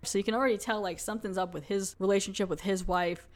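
A woman's voice: mid-range voice, steady tone, quick pace. Chatty lady podcaster going over an episode, casual, says like a lot. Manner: chatty, lots of "like". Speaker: podcast host.

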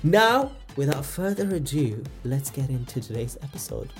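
A man hosting a podcast, reading an upbeat intro and then chatting in a lively, teasing way. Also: medium pitch, moderate pace, faint music behind. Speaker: podcast host. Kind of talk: scripted intro then casual chat.

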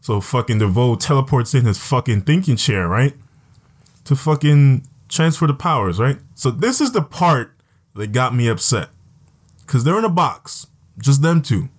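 A man's voice: medium pitch, animated, normal speed, breathy edge. A man hosting a casual podcast, recapping a TV episode in a laid-back, profanity-filled storytelling way.

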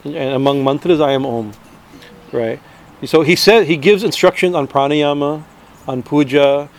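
Speaking in a slightly raised, gravelly voice with fairly high pitch, a man gives an informal spiritual teaching. His delivery is loose and conversational, full of restarted sentences and frequent "right?" tags.

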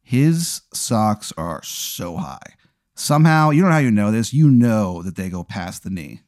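A man's voice: on the low side, lively intonation, measured pace, a little mellow, dry recording, studio quality. A man hosting a podcast, telling an improvised comic story with lots of fillers. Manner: rambling, filler-heavy, laughing narration. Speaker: podcast host.

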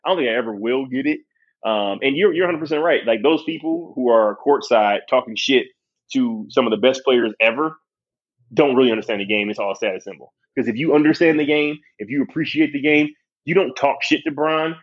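A young man hosting a podcast, chatting casually with a guest, animated and swearing freely. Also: medium pitch, fairly quick, lo-fi sound. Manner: animated, swearing, laughing often. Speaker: podcast host. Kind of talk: casual chat.

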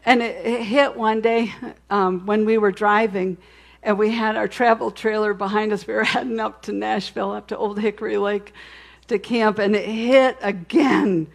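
A woman shares her testimony from the pulpit in a mid-pitched, conversational voice. She tells it candidly, doubling back on her words and adding little asides. Her delivery swings between quiet reflection and emphatic declaration. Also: steady tone, moderate pace, gravelly. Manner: candid storytelling with frequent restarts and asides. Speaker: speaker sharing a testimony.

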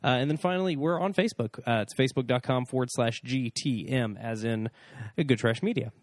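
A man's voice: mid-range voice, a little fast, no echo, studio quality. A man co-hosting a podcast in casual chat, playful and punning, with lots of fillers. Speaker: podcast co-host.

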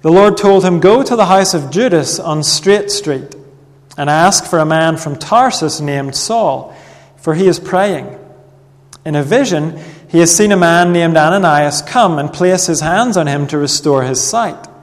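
A man preaching a sermon in an earnest, measured way, reading Bible passages aloud. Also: fairly high pitch. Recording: long reverb of a hall.

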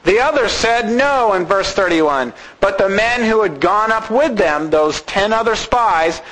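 A man preaching a sermon, reading scripture and explaining it in an animated way. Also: high voice, measured pace, low-quality recording. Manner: animated, acts out characters.

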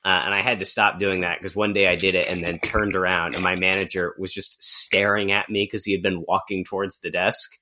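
A man's voice: low-pitched, little pitch movement, brisk, hardly any pauses, background noise. A man co-hosting a comedy podcast, telling rambling anecdotes in casual chat. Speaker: podcast co-host.

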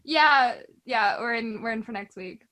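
A woman's voice: on the high side, a little slow, bright, forceful tone. A woman co-hosting a casual podcast about knitting, chatty and self-deprecating, often laughing. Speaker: podcast co-host. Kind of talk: casual chat.

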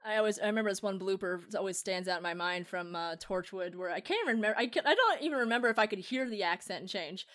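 A woman co-hosting a podcast in casual chat, animated, swearing freely and laughing often. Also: medium pitch, fast talker, hardly any pauses. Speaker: podcast co-host.

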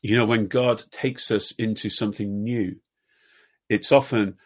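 Husky fifty-year-old man preaching. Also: fairly low pitch, steady tone, a little slow. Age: 50s. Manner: earnest, repeats questions, drops to soft tones at times. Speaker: pastor. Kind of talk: sermon.

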